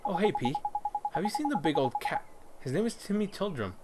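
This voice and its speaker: A man's voice: high voice, big pitch swings, a little fast, heavy background noise, pitched above the performer's own voice. A man doing an earnest young boy hero. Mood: curious. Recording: loud game music behind.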